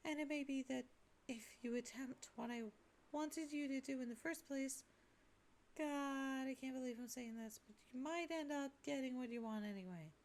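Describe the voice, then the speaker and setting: A woman's voice: sits high, normal speed, darkish tone. A woman voicing an earnest young girl who talks in an urgent, coaxing way.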